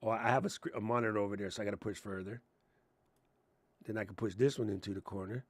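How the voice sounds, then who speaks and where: A man's voice: lowish voice, steady tone, fast talker, no room sound. A man giving casual tech tips on a stream, ranting and sarcastic, then muttering along as he works his computer. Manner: ranting, sarcastic, jokey, puts on mocking voices; laid-back and muttering while working the computer. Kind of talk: casual livestream tutorial. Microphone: lapel mic on chest.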